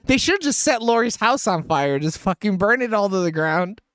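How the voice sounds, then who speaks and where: A man with a high, light voice hosts a loose movie review chat, laughing a lot and cursing freely. His voice sits close and dry, with no room sound around it. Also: big pitch swings, normal speed, fairly bright tone, clear, resonant tone, no echo. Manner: laughs often, swears freely. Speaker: podcast host asking the review questions.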